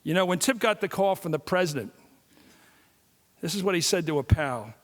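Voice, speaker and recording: A man in his sixties giving a public lecture, telling stories and jokes in an animated way. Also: high voice, normal speed. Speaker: guest speaker. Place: large hall. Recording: long reverb of a large hall.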